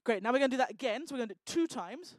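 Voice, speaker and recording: A woman doing lively, teasing crowd work on a live talk stage, speaking into a handheld microphone. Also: on the high side, no room sound. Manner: energetic, teasing, bossy and quick to joke. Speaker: stage performer working the crowd.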